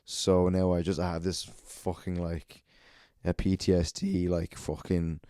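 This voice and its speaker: A young man with a low, smooth voice tells rambling, profane gig stories and keeps laughing at his own tales. His tone is warm and mellow, and the sound is close and dry. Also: flat delivery, a little slow, no echo. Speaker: comedian and podcast host. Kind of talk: casual storytelling monologue.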